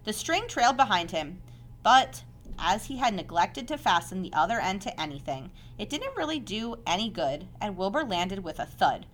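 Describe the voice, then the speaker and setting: A woman narrating a children's novel aloud with measured, expressive storytelling. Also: medium pitch, a little hiss or hum.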